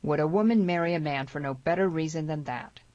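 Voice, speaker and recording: A woman's voice: lowish voice, moderate pace, darkish tone, dry recording, dull audio, natural voice. A woman voicing a grave, stern young frontier man who speaks gloomily, in an audiobook.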